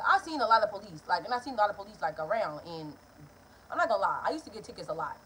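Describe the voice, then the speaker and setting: A young woman, telling a story in a casual vlog, animated and profane. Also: medium pitch, rapid-fire, slight background noise. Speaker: vlogger.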